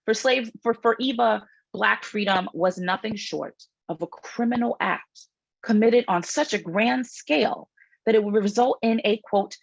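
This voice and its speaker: A woman's voice: a little slow, gravelly, no room sound, highs cut off. A middle-aged woman, an author giving a public book talk, reads passages from her book aloud and breaks off for asides, with frequent fillers and restarts. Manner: raises her pitch when reading quoted passages, frequent fillers and restarts.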